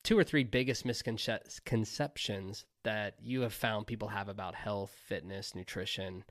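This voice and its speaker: A man's voice: lowish voice, steady tone, unhurried, a bit bright, no room sound, clean studio sound. A man hosting an interview, affirming his guest's answers before asking the next question. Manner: affirming, says "I love that" often. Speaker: podcast host.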